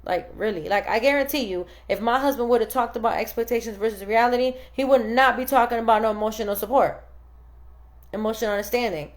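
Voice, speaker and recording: Animated woman in her thirties telling stories. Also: fairly high pitch, fast talker. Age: 30s. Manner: animated storytelling, acts out quoted dialogue. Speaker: podcast host. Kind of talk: casual chat.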